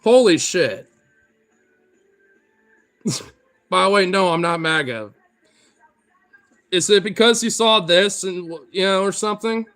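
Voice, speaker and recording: A man with a Pacific Northwest accent, a streamer chatting casually with viewers, excitable, swearing freely and laughing often. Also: high-pitched, slow, long pauses, faint music behind. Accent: Pacific Northwest American. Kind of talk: casual chat answering viewer comments.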